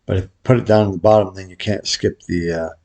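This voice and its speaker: A man with a fairly low voice gives casual play-by-play of his bets, talking in a relaxed way that often drops to a mutter. He talks straight to his viewers as he tracks each hand. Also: quick pace, vocal fry. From Vegas pro. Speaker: baccarat video host.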